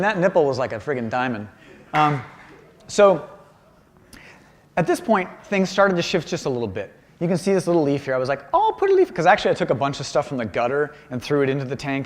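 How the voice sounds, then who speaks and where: A man gives a lecture in a university auditorium, joking at his own expense as he talks through his paintings. His pitch swings widely from line to line, and he keeps up a lively, storytelling energy throughout. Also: long reverb tail. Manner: animated and self-deprecating, acts out quoted voices. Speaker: visiting artist giving a lecture. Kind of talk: humorous public talk with slides.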